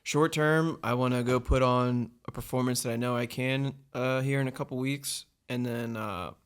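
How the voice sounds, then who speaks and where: A man who is an MMA fighter, a guest on an interview podcast, who talks in a relaxed way with laughs and lots of fillers. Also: mid-range voice, moderate pace, smooth. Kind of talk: casual conversational interview.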